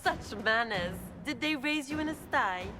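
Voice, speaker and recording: An actress playing a scheming noblewoman villain in a game, speaking in a silky, taunting way, over loud music. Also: high-pitched, animated, a little slow.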